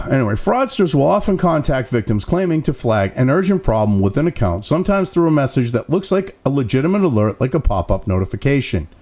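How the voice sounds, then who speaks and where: Gravelly-voiced male commentary host, profane and sarcastic, pitch swinging wildly between read-outs and rants. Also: big pitch swings, a little fast, few pauses, a little mellow. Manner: mocking asides between read-out passages. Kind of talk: ranting news commentary, reading article excerpts.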